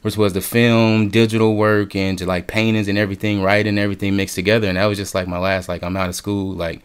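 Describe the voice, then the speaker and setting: A young man with a fairly low, smooth and resonant voice talks in a loose, laid-back way. He laughs easily and drops swear words as he tells stories in casual conversation. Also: little pitch movement, quick pace. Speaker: podcast guest, artist. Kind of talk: casual chat.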